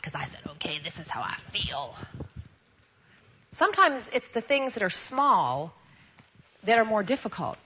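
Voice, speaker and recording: A woman delivers a storytelling sermon in a lively, conversational way, often checking in with her listeners. Her voice sits somewhat high. The recording is muffled and lo-fi with a faint hiss behind it. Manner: animated, conversational, asks audience questions. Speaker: speaker addressing a women's gathering.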